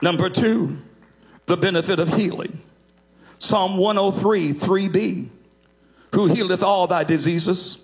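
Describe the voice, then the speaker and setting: Preacher guy, high voice, half-sings some lines, really emphatic. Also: slow pace, long pauses. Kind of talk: sermon.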